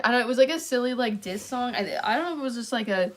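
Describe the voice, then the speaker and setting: A young Canadian woman hosts a casual livestream chat on her own channel, her voice on the high side, animated, and rapid-fire. She rambles, filling her talk with lots of "um"s and "like"s.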